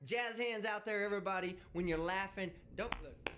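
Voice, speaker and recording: A man's voice: high-pitched, moderate pace, music in the background. A man hosting a live stream, ranting casually and profanely in a brash, vulgar way. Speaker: livestream host. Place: indoors, traveling.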